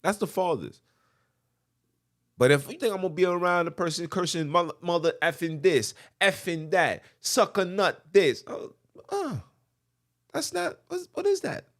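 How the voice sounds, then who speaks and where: A man's voice: sits high, very animated, moderate pace, a bit bright. A man hosting a podcast, delivering a preachy monologue that quotes scripture, emphatic and repetitive, often asking "right?". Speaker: podcast host.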